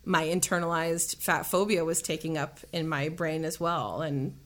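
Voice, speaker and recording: A woman's voice: low voice, steady tone, moderate pace. Young woman, interview guest, bubbly, chatty, laughs a lot, lots of fillers. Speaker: musician and voice actor guest. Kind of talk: casual interview chat.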